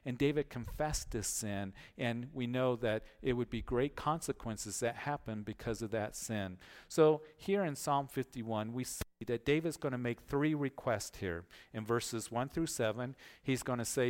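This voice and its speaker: A male pastor giving an earnest verse-by-verse Bible teaching, often repeating words and pausing on fillers as he explains. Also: medium pitch.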